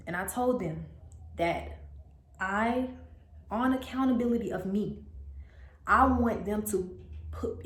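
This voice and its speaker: A young woman recounting a personal story in a casual storytime vlog. Her delivery is animated, with sudden high jumps in pitch when she quotes others. The room adds a noticeable echo. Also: unhurried, pauses often. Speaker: storyteller vlogger. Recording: echoey room.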